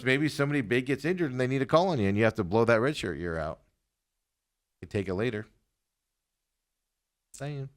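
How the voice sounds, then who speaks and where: Animated, rambling sports-talk host. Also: male voice, on the low side. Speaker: podcast host.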